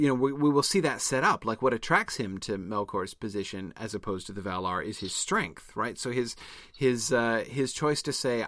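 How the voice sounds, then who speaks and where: A man's voice: lowish voice, a bit bright, no room sound, clean studio sound. A man co-hosting a casual discussion, thinking aloud in long rambling runs full of fillers and restarts. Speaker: podcast co-host.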